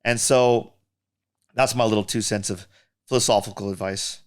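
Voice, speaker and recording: A man's voice: lowish voice, moderate pace. A man who works as a music producer, chatting casually on a podcast and telling studio stories in a loose, storytelling way. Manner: storytelling, animated when imitating others.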